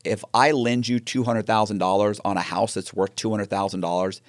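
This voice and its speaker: Deep-voiced man telling a story. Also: brisk, dry recording, clean studio sound. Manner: animated storyteller acting out quoted dialogue, frequent restarts. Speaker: interview guest. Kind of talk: storytelling interview.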